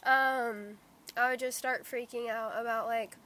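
A woman's voice: a little high, level tone, fairly quick, a bit bright, dry recording. Hesitant teenage girl. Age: teens. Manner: hesitant, many fillers. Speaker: podcast guest, high school student. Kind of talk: casual podcast chat.

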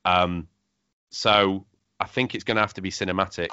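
A man with a low, bright, forceful voice, chatting casually as a podcast host. He talks with many fillers and restarts. The sound is dry and a little dull, like a lo-fi recording. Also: steady tone, normal speed, clean tone, no echo.

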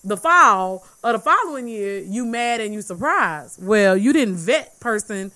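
A woman's voice: mid-range voice, lively intonation, a little slow, pushed and bright. A woman in casual chat, blunt and argumentative, often acting out what others say. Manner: blunt, argumentative, quotes others in put-on voices.

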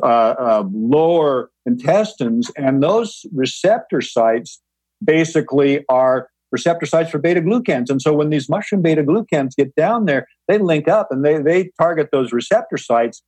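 A man's voice: fairly high pitch, expressive, normal speed, darkish tone, breathy edge, dry recording, low-quality recording. A man speaking as a guest, explaining things patiently in an interview, often restarting and repeating words. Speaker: guest, mushroom grower.

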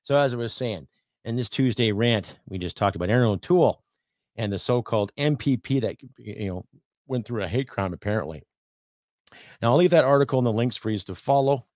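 A middle-aged Canadian man hosting his own podcast, ranting bluntly and profanely, swinging from loud outbursts to low muttering. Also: no room sound, studio quality. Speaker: podcast host. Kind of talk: opinionated rant.

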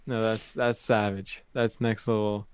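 A man's voice: fairly low pitch, flat delivery, a little slow, smooth, no echo. A young man co-hosting a podcast, chatting casually and telling anecdotes while repeating phrases as he thinks. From Canada. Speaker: podcast co-host. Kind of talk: casual chat.

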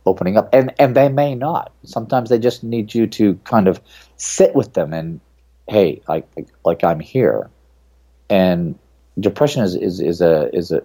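A middle-aged man with a deep, mellow voice speaks as an author being interviewed. His manner is earnest and reflective, taking his time over personal stories. The tone stays low and relaxed throughout. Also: slightly rough. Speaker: author and guest. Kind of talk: podcast interview.

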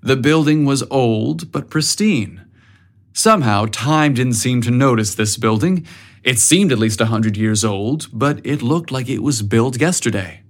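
A man narrating an audiobook story in a measured, even way. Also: medium pitch.

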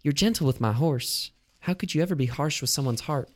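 A man's voice: on the high side, fairly quick, voice pushed up, close to an everyday voice. A man voicing an earnest, lonely young woman who loves her horse, reading melodramatic romance lines. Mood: yearning.

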